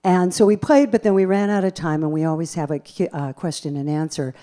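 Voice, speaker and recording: A woman pianist and bandleader telling lively, self-deprecating stories from a theater stage into a stage microphone between songs. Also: on the low side, a little fast. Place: theater stage at a live concert.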